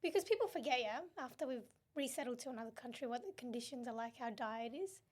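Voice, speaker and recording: A high-voiced young woman from Myanmar speaks as a podcast guest. She tells her story with energy, laughs easily and acts out other people's words. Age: young adult. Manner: animated storytelling, quick laughs, acts out quotes. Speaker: guest, human rights activist. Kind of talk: conversational podcast interview.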